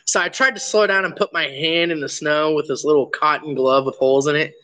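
A young man hosting a podcast, telling crude stories in an animated way and swearing freely. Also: fairly high pitch, fairly quick. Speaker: podcast host. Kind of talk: casual storytelling chat.

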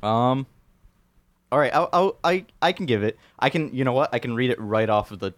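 A man's voice: mid-range voice, animated, a little fast, dry recording. Casual profane man as game master, dry recording. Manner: casual and profane, explaining rules. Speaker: game master for the one-shot. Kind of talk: casual tabletop chat.

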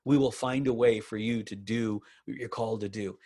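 A middle-aged man preaching a sermon, telling a personal story with animated bursts and slow, emphatic phrases. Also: lowish voice. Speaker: pastor.

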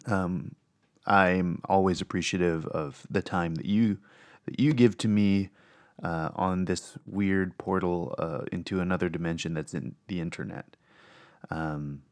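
A man's voice: low-pitched, dry recording, studio quality. A man hosting a casual monologue podcast, rambling and swearing with lots of ums and uhs. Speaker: podcast host.

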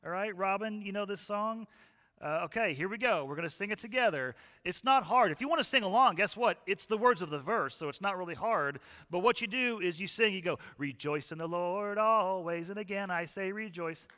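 A man preaching a sermon to a live church audience in a relaxed, conversational way, often putting questions to the crowd. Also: high-pitched, fairly quick. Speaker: pastor. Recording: long hall reverb.

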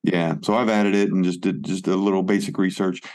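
A man's voice: sits low, level tone, a little fast, a little mellow. A man co-hosting a podcast in casual chat about music, laid-back and swearing, with many fillers. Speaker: podcast co-host.

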